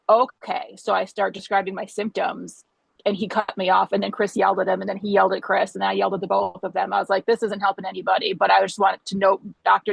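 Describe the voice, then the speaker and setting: A woman with a gravelly, husky voice, recorded close and dry. She tells stories in an animated way, acts out what people said, and swears freely in a candid podcast chat. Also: mid-range voice, dry recording, poor audio.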